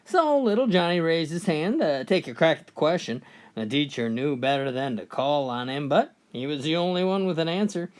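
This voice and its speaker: A woman narrating a countdown of jokes in an animated storytelling manner. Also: deep voice, moderate pace. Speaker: joke narrator. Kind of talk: scripted joke telling.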